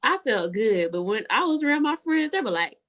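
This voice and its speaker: A woman's voice: a little high, big pitch swings, normal speed, fairly bright tone. A woman co-hosting a podcast, chatting casually and enthusiastically hyping up her friends. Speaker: podcast co-host. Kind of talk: casual chat.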